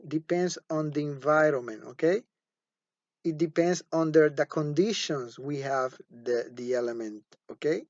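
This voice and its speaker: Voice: mid-range voice, no room sound. A teacher giving a phonetics lecture, patient and repetitive, often checking in with the class. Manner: patient, repeats words and asks "okay?" often. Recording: dull lo-fi dry recording.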